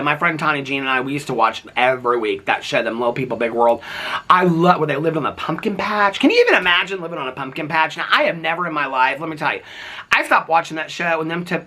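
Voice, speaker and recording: Sassy, bright-voiced man dishing gossip. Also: on the high side. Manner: chatty, sassy, keeps asking "okay?". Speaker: reality TV commentator. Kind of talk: casual gossipy commentary.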